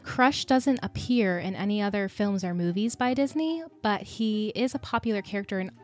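A woman's voice: medium pitch, normal speed, soft background music. A woman co-hosting a casual podcast, chatty and giggly as she explains things. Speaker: podcast co-host.

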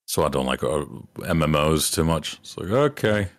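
A man's voice: rumbling low, lively intonation, moderate pace, no room sound, clean studio sound. A man co-hosting a casual podcast, talking in a rambling, hesitant way. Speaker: podcast co-host. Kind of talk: casual chat.

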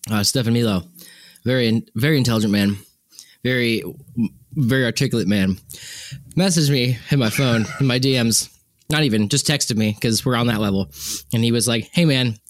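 A man's voice: mid-range voice, fairly quick, dry recording. A man co-hosting a podcast, telling rambling stories with sarcastic asides. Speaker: podcast co-host. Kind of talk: casual chat.

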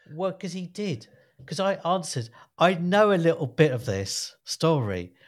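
A man's voice: on the high side, unhurried. A man co-hosting a podcast, reacting eagerly and chatting with a lot of energy. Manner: animated, reactive listener, swears freely. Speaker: podcast co-host. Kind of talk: casual chat.

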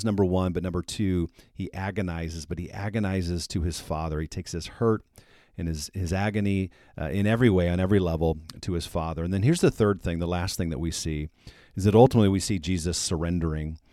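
A man's voice: low-pitched, a little fast, warm tone, dry recording, clean studio sound. A man hosting a faith podcast, giving an earnest devotional teaching on prayer and citing Bible verses as he explains them.

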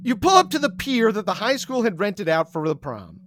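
A man telling a comic second-person story, deadpan and breaking into laughs. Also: sits high, dry recording. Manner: deadpan, slow, laughing through. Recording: recording with audible hiss.

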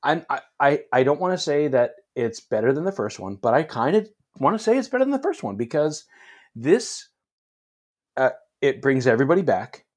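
A man co-hosting a casual podcast, talking in an animated way, laughing often and restarting his sentences. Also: mid-range voice, moderate pace. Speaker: podcast co-host. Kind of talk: casual chat.

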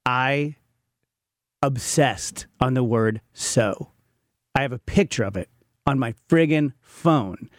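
With a mid-range voice and a slow pace full of long pauses, this fifty-something podcast co-host chats casually, telling stories and frankly poking fun at himself. The studio sound is clean, without echo.

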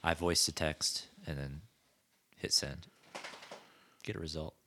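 A man's voice: very deep voice, flat delivery, slow, pushed and bright, slight background noise. A man co-hosting a podcast, chatting casually and enthusiastically about gadgets. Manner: enthusiastic, acts out quoted voices. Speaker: podcast co-host. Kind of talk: casual chat.

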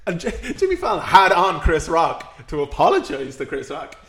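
A young man with a somewhat high-pitched voice riffs through a comedy podcast, animated and profane, often laughing mid-rant. His voice rings in a roomy, echoey space. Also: normal speed. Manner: animated, swearing, ranting with laughs. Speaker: podcast co-host. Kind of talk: casual comedic chat. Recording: echoey room.

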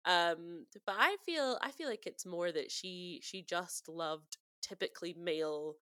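A woman's voice: fairly low pitch, a little slow, a bit bright, clean tone, no room sound, studio quality. A woman co-hosting a podcast in casual chat, talkative and prone to laughing. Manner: chatty, giggly, lots of fillers. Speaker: podcast co-host.

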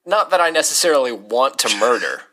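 A man's voice: mid-range voice, very animated, brisk, bright, forceful tone. A man co-hosting a casual podcast, joking around and reading listener questions aloud. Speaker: podcast co-host. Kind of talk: casual chat.

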